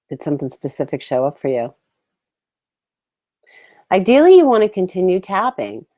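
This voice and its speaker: Low-pitched lady walking you through tapping, slow calm phrases to repeat. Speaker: tapping instructor. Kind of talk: guided tapping lesson.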